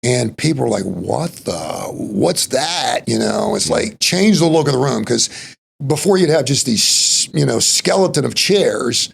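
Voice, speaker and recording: Folksy Texas man with a gravelly, husky voice. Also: medium pitch, lively intonation, measured pace. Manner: rambling, folksy, full of "you know" and "like". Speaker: podcast guest. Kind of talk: casual interview storytelling.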